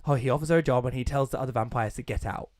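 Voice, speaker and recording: A young English man co-hosting a relaxed podcast, talking at an ordinary middle pitch. He rants and swears as he recaps a film, slipping into quoted voices. His talk is loose and full of restarts. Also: rapid-fire. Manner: ranting, swears, acts out quoted lines. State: coughing, something stuck in throat. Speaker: podcast co-host. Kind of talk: casual podcast chat.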